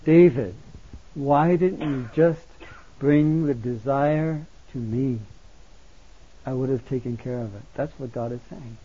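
A male pastor preaching a sermon, impassioned, swinging between loud exhortation and quiet intimacy. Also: medium pitch, slow, slight background noise. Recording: tinny phone-like sound.

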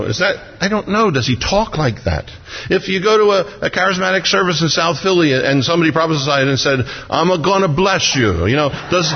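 A man's voice: on the high side, slight background noise. A man preaching a sermon as a pastor, conversational and humorous, acting out little voices as he speaks. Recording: dull, lo-fi hall recording with long reverb.

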